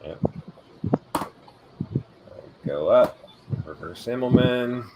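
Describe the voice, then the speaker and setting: A man's voice: mid-range voice, animated. A man calling out moves while playing a flight game on a live stream. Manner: slow, drawling game callouts. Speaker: gamer. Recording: noisy home stream audio.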